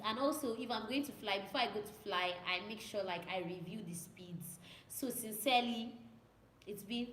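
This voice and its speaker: A woman's voice: mid-range voice, a bit bright, slight background noise. Chatty young woman in an echoey room. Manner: chatty, repeats herself, mimics radio calls. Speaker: vlogger and student pilot. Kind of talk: casual chat answering viewer questions. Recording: echoey room with faint ambience.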